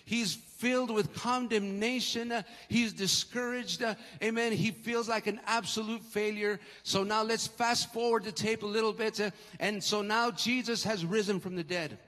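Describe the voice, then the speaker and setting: High-voiced man preaching in a reverberant church. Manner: animated preaching, acts out quoted voices. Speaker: pastor. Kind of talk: sermon. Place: church sanctuary. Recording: live stream with long hall reverb.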